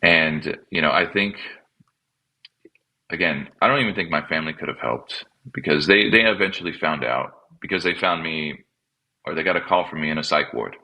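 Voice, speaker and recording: A man, a pastor and podcast guest, telling his personal story in a halting, reflective way and often repeating words as he restarts. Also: rumbling low, pushed and bright, poor audio. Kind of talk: personal testimony in conversation.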